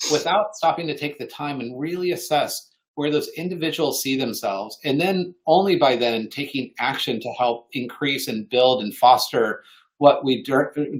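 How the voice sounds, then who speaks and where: Man, earnest webinar presenter, mid-pitched voice, clears throat now and then. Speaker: co-author presenting on fundraising.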